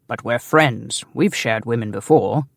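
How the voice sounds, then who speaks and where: A deep-voiced English nobleman, young and sly, who needles his friend with playful mockery, as a male narrator reads him. The voice is low and gravelly, and the sound is close and dry. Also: unhurried, no echo. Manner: mocking, playful.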